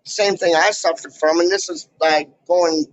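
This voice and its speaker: A man ranting casually to camera in a vlog, full of slang and loud asides. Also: on the high side, steady tone, moderate pace, no room sound, low-quality recording. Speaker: YouTuber. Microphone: camera mic.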